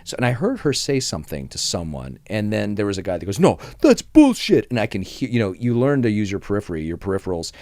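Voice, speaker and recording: A man on a podcast, talking fast and telling stories in an animated way, with his pitch jumping up and down as he acts out the people in them. His voice sits a little low, and the recording is dry and close, with no room sound. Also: no room sound. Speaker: podcast host. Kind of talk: casual storytelling chat.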